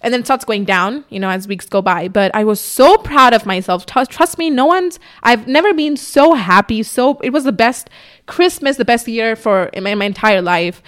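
A woman's voice: fairly high pitch, lively intonation, normal speed. A young woman hosting a casual podcast, telling her own story in a candid, chatty way, swearing freely and mimicking herself in quotes. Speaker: podcast host. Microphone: camera on a tripod in front of her.

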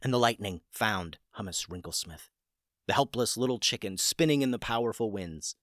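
A man narrating a children's story in a gentle, plain way. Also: mid-range voice, dry recording, studio quality.

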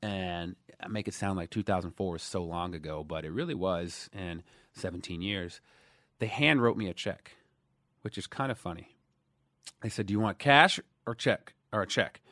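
A man in his thirties from Dallas, telling stories in a casual interview, animated, swinging between loud emphasis and quiet asides. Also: sits low, normal speed, dry recording, clean studio sound. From Dallas, USA. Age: 30s. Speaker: guest.

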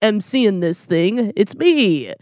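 A man voicing a small excitable creature companion with a squeaky, bouncy delivery. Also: slow pace, very noisy, exaggerated voice. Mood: hyped.

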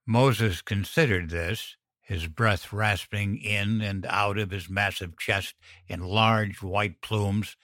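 A man narrating a first-person horror story in a measured, grim manner. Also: lowish voice, steady tone, fairly bright tone, no echo, clean studio sound.

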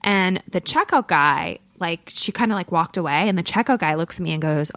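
A woman's voice: fairly low pitch, a little fast, few pauses, no echo. A woman co-hosting a podcast, telling a story in casual chat full of fillers. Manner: chatty storytelling, many fillers. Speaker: podcast co-host.

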